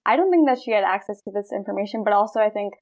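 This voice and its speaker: A woman's voice: mid-range voice, animated, very fast, a little mellow. A woman in her twenties interviewing a guest, friendly and a little hesitant, with many "like" and "um". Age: 20s. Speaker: student interviewer. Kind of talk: casual interview conversation.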